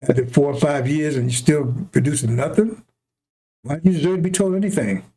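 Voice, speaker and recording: Emphatic preacher man, higher voice. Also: brisk, warm tone, slightly rough. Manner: repetitive, emphatic, chuckling asides. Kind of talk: impassioned street-style sermon.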